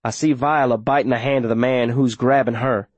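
A man's voice: mid-range voice, steady tone, fairly quick, no room sound, lo-fi sound. Male audiobook narrator, dry close sound. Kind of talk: first-person scripted narration.

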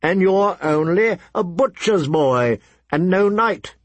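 A man's voice: high voice, lively intonation, slow, no echo, voice pushed up, full character voice. A man voicing an arrogant, cruel teenage prince with a sneering, commanding tone, in an audiobook reading. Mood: taunting.

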